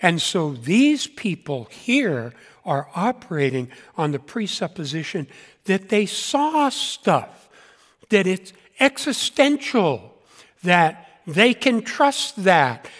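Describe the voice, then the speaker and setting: A man's voice: high-pitched, big pitch swings, takes it slowly, a bit bright. A man in his seventies preaching a sermon in an earnest manner and repeating key points for emphasis. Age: 70s. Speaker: pastor. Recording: long hall reverb.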